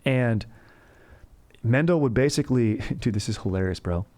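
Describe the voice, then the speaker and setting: Rambling, slangy comedy podcast host. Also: male voice, medium pitch, expressive, moderate pace, a little mellow. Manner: rambling, slangy, laughs at his own jokes. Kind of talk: casual comedic storytelling.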